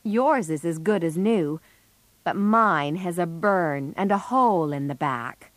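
A woman voicing a blunt, clumsy tomboyish teenage girl, talking slowly and plainly. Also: on the low side, expressive, dry recording. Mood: matter-of-fact. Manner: slow, plain, rueful.

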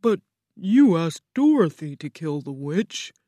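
A woman's voice: low voice, big pitch swings, takes it slowly, mellow, no echo, studio quality, heavily acted. A woman reading a storybook aloud, voicing a humble male scarecrow stuffed with straw in an earnest, slightly timid way.

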